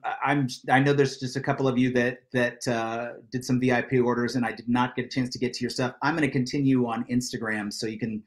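Male voice actor on a livestream panel, friendly and easygoing, mid-pitched. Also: flat delivery, fast talker, hardly any pauses. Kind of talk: casual panel chat on a livestream.

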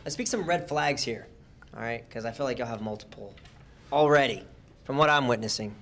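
A man hosting a comedic live-stream dating game, asking contestants questions in a brisk, teasing way. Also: medium pitch, a bit bright.

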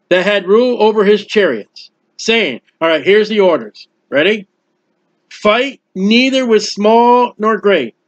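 A man preaching an expository Bible sermon, acting out the biblical characters and quoting scripture. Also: high-pitched. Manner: animated, acts out biblical characters, quotes scripture. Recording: dull lo-fi recording.

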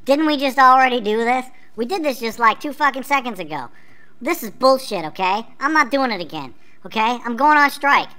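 A man voicing a hyperactive, annoying kid in a flash cartoon, talking in rapid taunting chatter. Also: high voice, lively intonation, pushed and bright, clean tone, exaggerated voice. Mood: furious. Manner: rapid taunting chatter, mocking sing-song.

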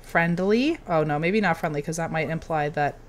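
A young woman giving casual, excitable commentary while playing a video game, cheering on her character. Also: deep voice, normal speed, slight background noise. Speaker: game streamer.

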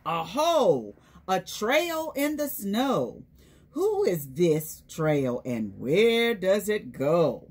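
A woman reads a storybook aloud to preschoolers in a slow, sing-song voice that swoops up and down. Her tone is a little low and breathy. She keeps stopping to quiz the little ones by name. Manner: animated, questioning the children and calling on them by name. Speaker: children's storytime presenter. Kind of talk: reading a picture book aloud to young children.

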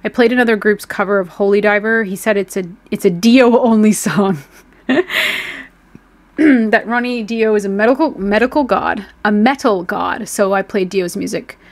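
A woman's voice: medium pitch, moderate pace. A woman in her thirties casually chatting on a live stream, reading viewer comments aloud, swearing freely and laughing often.

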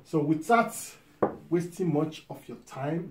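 Loud sing-song Nigerian man, echoey room. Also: a little high, background noise. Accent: Nigerian English. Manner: loud sing-song greetings, fast murmured prayer. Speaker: vlog co-host. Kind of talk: mukbang vlog chat.

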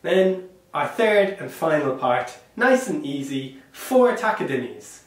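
A man leads a percussion workshop in an animated, sing-song way, chanting rhythm syllables to show each beat and cheering the group on. His voice sits a little high for a man. The sound is very echoey and a bit distant, as if picked up across a bouncy room. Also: slow. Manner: encouraging, demonstrates rhythm syllables out loud. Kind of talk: online workshop instruction. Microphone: small clip-on microphone.

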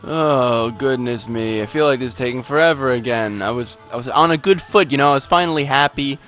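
A man's voice: mid-range voice, brisk, a bit bright, soft background music. A man playing a video game and narrating it in a rambling, goofy, self-mocking way, with sudden outbursts. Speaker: let's play gamer. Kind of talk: game commentary.

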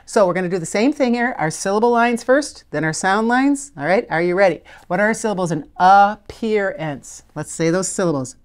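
A middle-aged woman teaching a spelling lesson on video, patient and encouraging, sounding out letters slowly. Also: mid-range voice, expressive. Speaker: literacy teacher.

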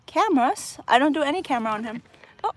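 A young woman, a parrot trainer, chatting casually on a phone live stream outdoors, cooing at her bird and exclaiming excitedly. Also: sits high, fast, dry recording. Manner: animated, cooing baby talk to her bird; frequent laughter, excited exclamations. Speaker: parrot trainer, channel host. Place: outdoors in open country.

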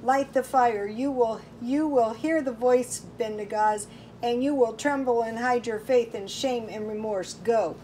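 A woman's voice: a little high, unhurried, mellow, slight background noise, close to an everyday voice. A woman voicing a stern old male prophet who rises to wrathful rebuke in a storybook reading. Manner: rising to thunderous rebuke.

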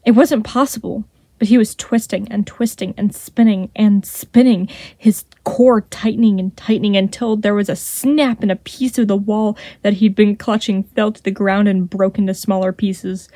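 A woman reads a fan fiction chapter aloud. Her tone is mellow and soft. The sound is dry and close. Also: mid-range voice, steady tone, moderate pace, no echo. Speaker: podfic reader.

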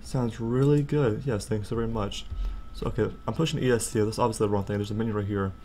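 Excitable young man narrating a game. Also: rapid-fire, a little hiss or hum. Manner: excitable, jokey, jumps to high-pitched outbursts. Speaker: gaming channel host. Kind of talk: casual let's play commentary.

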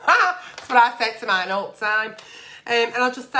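A woman gives agony-aunt advice with a forceful, bright edge to her voice. She talks in a blunt, sweary, animated way. Her pitch sits a little high. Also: normal speed. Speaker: agony aunt answering letters. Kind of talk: candid advice vlog.

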